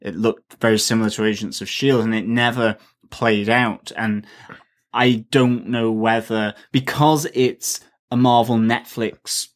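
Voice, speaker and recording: A man's voice: on the low side, fairly even intonation, unhurried. A man co-hosting a podcast, musing in a rambling, hesitant way with many fillers. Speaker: podcast co-host. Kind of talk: casual chat.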